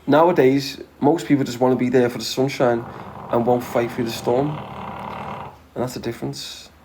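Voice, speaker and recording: A Scouse-accented man with a mid-range voice chats casually with viewers on a livestream, reading their comments aloud. He's blunt, swears a lot and chuckles often, speaking at a moderate pace with fairly even intonation over background noise.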